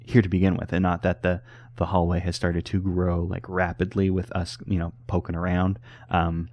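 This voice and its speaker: A man with a notably low voice talks his way through a horror game as a casual let's play host. He wanders in his thoughts, stumbles over words and restarts his sentences, and adds wry asides as he goes. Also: completely flat delivery, moderate pace, a little mellow, no room sound. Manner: rambling, self-correcting, wry. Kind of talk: casual gameplay commentary.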